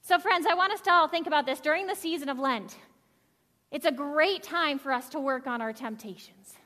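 A woman pastor preaching a sermon with energetic, earnest delivery and quick restarts. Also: sits high. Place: church sanctuary. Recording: long reverb of a church hall.

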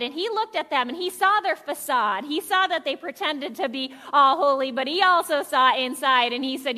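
A high, bright woman's voice rings through a church with a long reverb. She preaches in a lively, playful way and urges her listeners to yell lines along with her. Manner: animated, leads the congregation in shouting lines. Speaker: pastor. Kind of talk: children's sermon. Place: church sanctuary.

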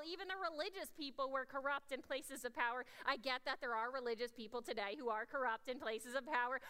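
Bright-voiced woman pastor preaching in reverb. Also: high-pitched. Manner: earnest, swings between hushed and emphatic. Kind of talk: sermon. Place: church sanctuary. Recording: long reverb of a church hall.

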